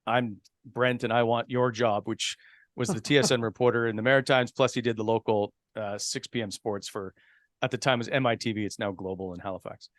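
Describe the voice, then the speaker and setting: A man from New Brunswick tells his career story as a podcast guest. He speaks at an average pitch in a relaxed, conversational way. The sound is dry and close. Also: quick pace, no echo. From Canada, New Brunswick. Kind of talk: casual chat.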